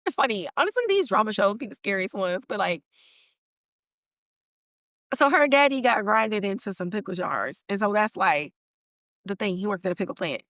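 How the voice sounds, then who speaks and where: A woman's voice: mid-range voice, animated, moderate pace, pauses often, fairly bright tone, dry recording, studio quality. A woman hosting a podcast and recapping a TV episode in casual, slangy storytelling that is full of animation and laughter. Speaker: podcast host.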